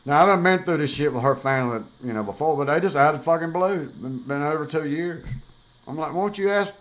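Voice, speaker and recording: A man's voice: on the high side, fairly quick, fairly bright tone, rough recording. Blunt older man. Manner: blunt, profane, rambling storytelling. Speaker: podcast host. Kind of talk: casual monologue.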